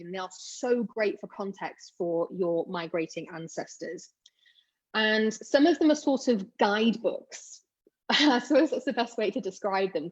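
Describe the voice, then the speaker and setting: A woman's voice: mid-range voice, highs cut off. A woman chatting casually about old emigrant guides, with fillers, asides and self-deprecating remarks. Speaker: genealogy blogger. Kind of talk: casual explainer monologue.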